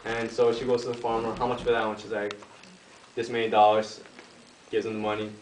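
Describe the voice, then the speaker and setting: A man's voice: on the low side, flat delivery, a little fast. A man telling a long joke in a casual, meandering way, stuffing in "like" and "you know" and slipping into laughter. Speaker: joke teller. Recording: echoey room, distant mic, noisy home video.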